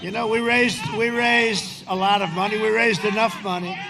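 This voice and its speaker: A man giving a rambling, boastful rally speech outdoors in cold wind, often shouting to a crowd. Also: sits high, steady tone, normal speed, gravelly. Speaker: politician speaking at a rally. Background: large cheering crowd and wind.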